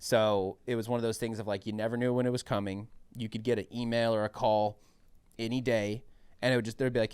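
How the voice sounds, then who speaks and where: Animated young man telling stories in casual chat. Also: fairly low pitch, quick pace, clear, resonant tone, no echo. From New Mexico. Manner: animated, swearing, acts out other people's voices. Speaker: guest comedian. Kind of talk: casual podcast storytelling.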